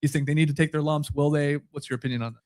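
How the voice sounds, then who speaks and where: A man co-hosting a live basketball podcast, speaking a touch higher than most men. He laughs along easily and asks his questions in a loose, rambling way. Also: steady tone, rapid-fire, a little mellow. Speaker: podcast co-host.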